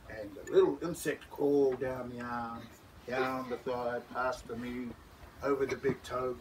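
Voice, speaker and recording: A man telling a story to schoolchildren, dramatic, shifting from whispers to loud calls. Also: medium pitch, steady tone, measured pace. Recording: distant mic with background noise.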